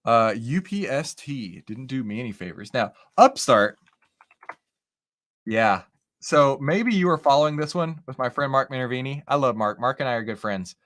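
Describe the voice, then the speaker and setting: Animated man doing casual market commentary. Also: medium pitch, normal speed. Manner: lively, animated, talks with chat and charts; says "right?" and "okay?" often. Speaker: host of a live stock trading stream.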